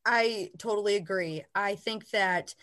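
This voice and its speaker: A woman's voice: mid-range voice, a little slow, fairly bright tone. A woman chatting casually about a film as a co-host, enthusiastic with lots of fillers. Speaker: podcast co-host. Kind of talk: casual movie discussion.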